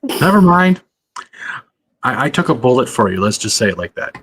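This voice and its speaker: A man's voice: medium pitch, big pitch swings, moderate pace, fairly bright tone, a little hiss or hum. A man co-hosting a casual livestream, teasing and joking around. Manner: joking, teasing, stumbling restarts. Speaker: co-host.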